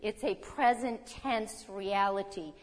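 A woman delivers a sermon at a middle pitch, reading verses and explaining them as she goes. She puts questions to her listeners, and her voice rings with long reverb in a hall. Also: slow. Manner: teaching, reading scripture aloud, asking the audience questions. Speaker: preacher.

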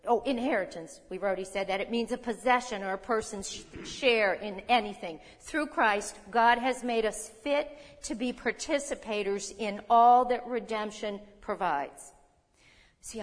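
A woman preaching a sermon, reading scripture aloud, explaining it in a teaching manner and asking the audience questions. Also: medium pitch. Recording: long hall reverb.

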